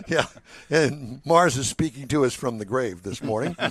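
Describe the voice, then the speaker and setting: A man's voice: mid-range voice, lively intonation, unhurried, a bit bright, breathy edge, no room sound. A man in his sixties hosting a casual live show at an outdoor car show, joking and rambling between announcements. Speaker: show host.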